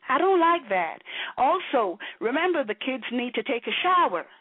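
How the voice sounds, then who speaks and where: A woman's voice: high-pitched, very animated, normal speed, no echo. A woman gives a preachy, profane monologue to camera, emphatic and blunt, repeatedly asking "you know". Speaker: vlogger. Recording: tinny, phone-like and dry.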